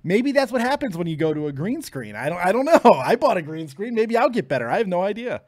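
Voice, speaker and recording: Excitable man, dry close sound. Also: high voice, fast, no room sound. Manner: frustrated, swears a lot. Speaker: podcast host. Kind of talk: casual live stream chat. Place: home.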